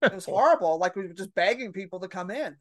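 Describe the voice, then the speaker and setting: A middle-aged woman comedian telling brash stories in a casual podcast chat, acting out her own reactions loudly. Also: medium pitch, fast talker, background noise. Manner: brash storyteller, loud animated re-enactments. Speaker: comedian guest.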